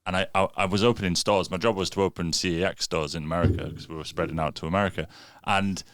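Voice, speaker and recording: Northern english guy telling a story, deep smooth voice, dry mic. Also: steady tone, quick pace, a bit bright, dry recording. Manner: storyteller, swears freely. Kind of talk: casual podcast chat.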